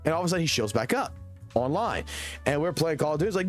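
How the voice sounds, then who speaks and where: A man's voice: on the high side, expressive, racing, faint music behind. Foul-mouthed man rambling through a story. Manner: profane, rambling anecdote-telling. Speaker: streamer. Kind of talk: casual storytelling on a live stream.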